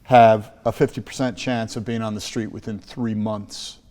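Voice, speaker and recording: A man's voice: on the low side, fairly even intonation, moderate pace, dark tone, long reverb tail. A man with an American accent, from Chicago, telling stories emphatically as a podcast guest, often restarting and repeating words. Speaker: guest, school trust leader. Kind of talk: podcast interview.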